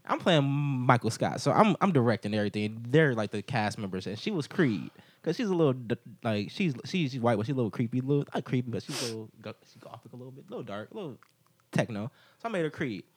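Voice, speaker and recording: Young man, podcast host, rambling storyteller, swooping lively pitch, dry close sound. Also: quick pace, breathy edge, no room sound. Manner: rambling storyteller, heavy on filler words. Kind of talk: casual chat.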